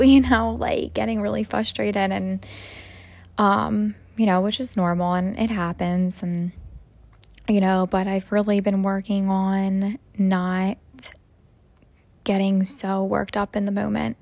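Gravelly young mom rambling casually. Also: female voice, medium pitch, flat delivery, slow, a little mellow, no echo. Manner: rambling, full of "you know" and "like". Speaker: mom sharing personal reflections.

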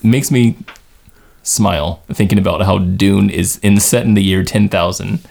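A man's voice: low voice, measured pace, vocal fry, darkish tone. A man co-hosting a podcast, chatting casually about movies, laughing and rambling. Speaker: podcast co-host. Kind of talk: casual chat.

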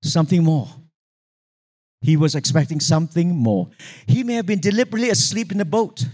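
Man, preacher, high voice, animated sermon storytelling, calls for congregation responses. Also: a little fast. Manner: animated storytelling, acting out quoted voices, sudden pitch jumps.

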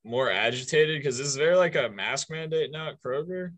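A man's voice: on the high side, expressive, moderate pace, fairly bright tone. A young man chatting casually with a friend. He laughs often and hesitates, trailing off mid-thought. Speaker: college student. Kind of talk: casual chat.

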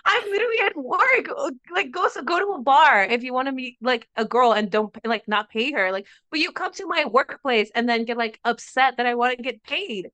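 A young woman on a podcast tells a story in casual chat, stringing it along with lots of "like" and acting out every quote. Her voice is bright and smooth, sitting a little high. The recording is dry and close. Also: a little fast, few pauses, no echo. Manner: animated storytelling, acts out quotes, frequent "like". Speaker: podcast co-host.

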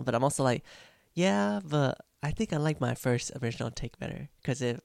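Gravelly young man musing about his song. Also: mid-range voice, quick pace, darkish tone, no room sound, studio quality. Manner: rambling, reflective, with frequent fillers and restarts. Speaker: vlogger recording his own song. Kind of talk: casual vlog talk.

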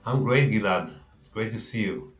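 A man in his fifties from Israel with an Israeli accent, a guest talking casually and haltingly with fillers in an interview. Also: lowish voice, soft background music. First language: Hebrew. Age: 50s. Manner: relaxed, halting, with many fillers. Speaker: guest, venture fund founder. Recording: slightly dull lo-fi audio.

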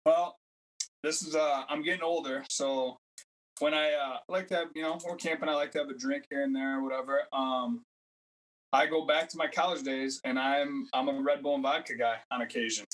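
A man's voice: medium pitch, steady tone, moderate pace, fairly bright tone, rough recording. A man in his thirties chatting casually as a podcast guest, rambling through stories and acting out quotes in a raised voice. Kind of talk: casual chat.

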